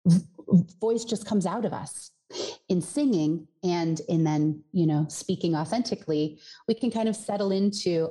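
A woman's voice: fairly low pitch, normal speed, dark tone. A woman from Colorado who coaches voice and singing, explaining in a podcast interview and sometimes demonstrating with her own voice.

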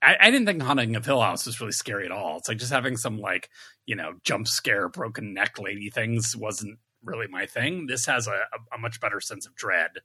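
Bright-voiced, easygoing male co-host. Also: lowish voice, animated, fairly quick, slightly rough. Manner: easygoing, hesitant, many fillers. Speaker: podcast co-host. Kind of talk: casual chat reviewing TV.

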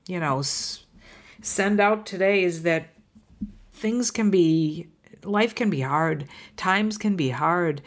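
A woman's voice: on the low side, fairly bright tone. Earnest woman in her fifties. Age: 50s. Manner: earnest and heartfelt, with frequent restarts and fillers. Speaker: podcast host. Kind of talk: reflective podcast monologue.

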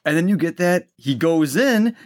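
A man co-hosting a movie podcast with a fairly high voice that swings up and down. He talks excitably and swears freely while recapping favorite scenes. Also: normal speed. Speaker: podcast co-host. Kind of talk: casual movie chat.

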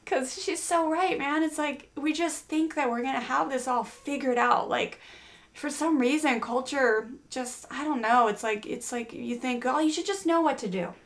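A woman's voice: high-pitched, fairly even intonation, measured pace. Chatty middle-aged woman telling stories. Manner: warm, storytelling, lots of fillers and restarts. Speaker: parenting podcast host. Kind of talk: casual podcast chat.

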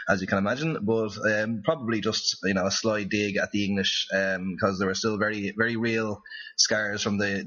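A man's voice: lowish voice, fairly bright tone, lo-fi sound. A man with an Irish accent, chatting easily in a recorded voice message he sent to a podcast. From Ireland. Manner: chatty, easygoing, self-deprecating. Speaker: listener sending a recorded message.

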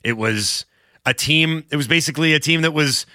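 Bright-voiced impassioned sports radio man. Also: a little high, moderate pace. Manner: impassioned, argumentative, emphatic. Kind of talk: sports talk debate.

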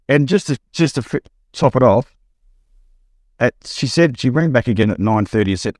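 A middle-aged Australian man, a buyer's agent, telling an animated anecdote on a podcast and acting out the quotes. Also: moderate pace, no echo, studio quality. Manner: storytelling, acts out quotes with rising pitch.

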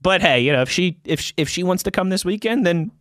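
A man's voice: high voice, animated, a little fast, a bit bright, dry recording, clean studio sound. A young man hosting a sports talk show, chatting loosely and reading out listener tweets, laughing easily. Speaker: sports podcast host.

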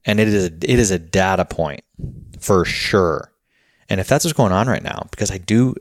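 In a casual podcast monologue, a man wanders from idea to idea, leaning heavily on filler words. He's slightly out of breath, with a voice pitched a touch low. The recording is dry and close, without any room sound.

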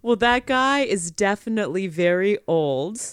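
A woman's voice: medium pitch, lively intonation, measured pace, clear, resonant tone, no room sound, clean studio sound. A woman from Georgia in the United States, a podcast guest chatting casually, giggly and laid-back. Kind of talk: casual chat.

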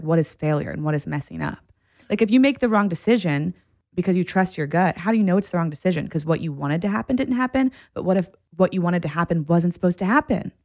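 Lower-voiced woman therapist, reflective and reassuring, dry close sound. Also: darkish tone, no room sound. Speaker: licensed therapist guest. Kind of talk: casual chat.

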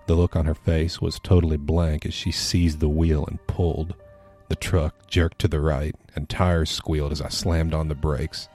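A man narrating a scary story for a podcast in a steady, measured reading. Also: rumbling low, soft background music. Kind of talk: scripted horror story narration.

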